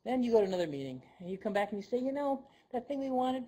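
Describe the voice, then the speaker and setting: A woman's voice: on the high side, sing-song, quick pace, warm tone, breathy edge, rough recording. A woman presenting a leadership workshop to a live audience, conversational and checking in with "okay?" as she goes.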